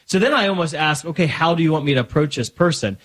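A man's voice: a little high, animated, fast, a bit bright. A man as a podcast guest, talking earnestly about faith with lots of restarts and acted-out quotes. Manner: earnest, many restarts, acts out quoted dialogue. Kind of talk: casual faith conversation.

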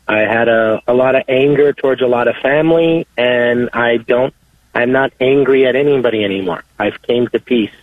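Male caller, mid-pitched, halting and repetitive, on a dry, thin phone line. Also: no echo. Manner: halting, repeats his words. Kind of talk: call-in radio phone call. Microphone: telephone.

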